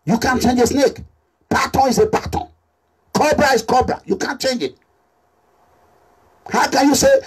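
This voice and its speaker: A man with a Nigerian accent making an impassioned social media appeal as a political activist, animated and repetitive, slipping into Pidgin English. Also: extremely high pitch, moderate pace, slight background noise. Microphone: phone or camera selfie video.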